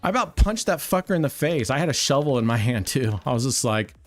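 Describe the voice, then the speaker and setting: A man's voice: mid-range voice, quick pace, faint music behind. Blunt, foul-mouthed male stream host. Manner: blunt, heavily profane storytelling; rambling, with many fillers and restarts. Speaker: roulette livestream host. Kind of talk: casual live-stream chat.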